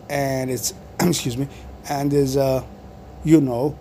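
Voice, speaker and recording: A man's voice: mid-range voice, flat delivery, slow pace, mellow, slight background noise. A man in his forties, talking to camera in a meandering monologue full of fillers and restarts. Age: 40s. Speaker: video blogger.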